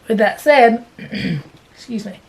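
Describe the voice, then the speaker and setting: A woman's voice: medium pitch, expressive, slow, vocal fry, very noisy. A woman chatting casually about her cross-stitch progress, rambling a little and correcting herself as she goes, sitting in a chair at home. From American South. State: hiccups. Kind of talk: casual chat.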